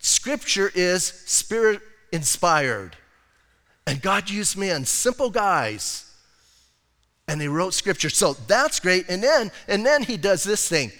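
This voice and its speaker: A man's voice: high-pitched, sing-song, slow, pushed and bright, big-room sound. A man preaching a sermon as pastor, in a casual, conversational way, acting out quotes as he goes.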